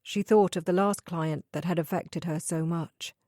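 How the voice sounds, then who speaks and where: Woman narrating an audiobook, measured, lowish voice, dry close sound. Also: dry recording. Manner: measured and even. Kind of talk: scripted narration.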